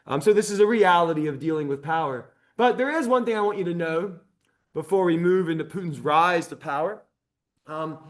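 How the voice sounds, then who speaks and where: High-voiced animated male lecturer. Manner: conversational, animated, frequent ums. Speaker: history lecturer. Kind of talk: public library lecture. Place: public library talk.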